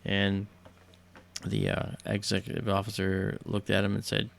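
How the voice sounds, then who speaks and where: A man's voice: lowish voice, little pitch movement, moderate pace, gravelly. A man hosting a livestream, telling a story casually in a hesitant way full of fillers and restarts. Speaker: livestream host.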